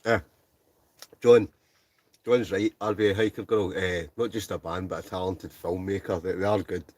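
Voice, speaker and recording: A man's voice: deep voice, fairly even intonation, normal speed, a little mellow, no echo. A Scottish man hosting a casual livestream from his tent, chatting, laughing and reading out viewer comments. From Scotland. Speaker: livestream host. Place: inside a tent.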